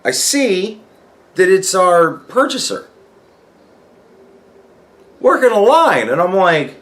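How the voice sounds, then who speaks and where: A man's voice: sits high, big pitch swings, slow pace, a bit bright. A young man telling a work story in a casual, profane rant, acting out the dialogue. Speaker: vlogger.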